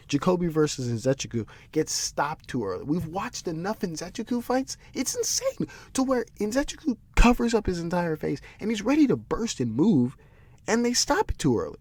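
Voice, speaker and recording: A man's voice: fairly high pitch, very animated, moderate pace, darkish tone. Heated, profane man ranting solo. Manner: repeats words and restarts in frustration. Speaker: podcast host. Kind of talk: solo commentary podcast.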